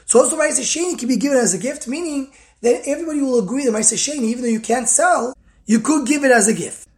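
A woman with a slightly high voice teaches a text study lesson phrase by phrase. She reads a line of the original, then stops to unpack it in plain English. Her delivery comes in short bursts with the odd restart. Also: quick pace, a little mellow. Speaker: Talmud teacher.

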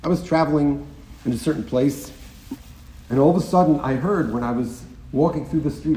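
A man telling a Hasidic story as a sermon, animated and swelling to emphatic bursts. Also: fairly high pitch, brisk, a little hiss or hum. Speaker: religious storyteller. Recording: roomy with faint ambience.

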